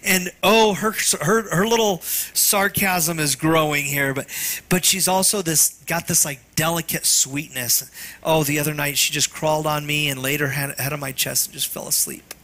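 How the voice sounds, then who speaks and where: A man preaching a sermon in an earnest, tender way, sometimes dropping to a hush. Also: fairly high pitch, steady tone, moderate pace. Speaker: pastor.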